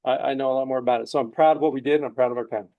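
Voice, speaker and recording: A man's voice: mid-range voice, steady tone, rapid-fire, narrow, tinny audio. A man giving a committee report at a town meeting, talking in a folksy, repetitive way.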